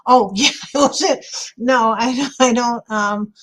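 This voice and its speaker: A woman's voice: fairly high pitch, slow, low-quality recording. Middle-aged woman, New York accent, craft livestream host, rambling and chatty, laughs easily, reads chat aloud. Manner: chatty, rambling, laughs often, answers viewers by name. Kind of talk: casual chat while crafting and reading live chat.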